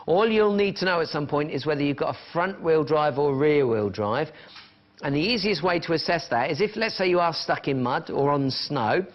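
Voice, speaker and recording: Chatty shopping-channel seller. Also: male voice, fairly high pitch, expressive, moderate pace. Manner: chatty, upbeat, counting down prices. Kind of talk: live TV sales pitch. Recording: dull lo-fi broadcast sound with music behind.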